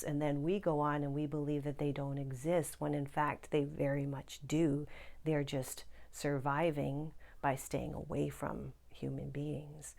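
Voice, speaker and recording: A woman's voice: low voice, gravelly, darkish tone. A woman hosting a spiritual-growth video channel, talking chatty and earnest to her viewers with gushing asides. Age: adult parent. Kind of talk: casual direct-to-camera vlog talk.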